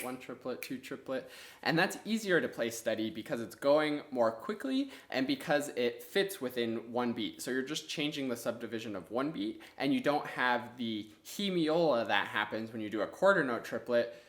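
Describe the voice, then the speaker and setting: A man gives a clarinet lesson, patiently walking through each step and counting the beats aloud. His voice sits at an ordinary middle pitch and rings in a reverberant room. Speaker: clarinet teacher. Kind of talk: online music lesson. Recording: echoey room.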